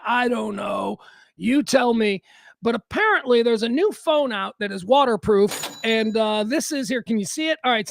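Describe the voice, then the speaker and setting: A man's voice: very high-pitched, fairly bright tone. A man hosts a live show and talks through viral clips in a loose, enthusiastic way. He laughs easily and keeps the chat going. The sound is dry and close, with no room echo. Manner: chatty, enthusiastic, laughs often. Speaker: livestream host. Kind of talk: casual commentary on videos.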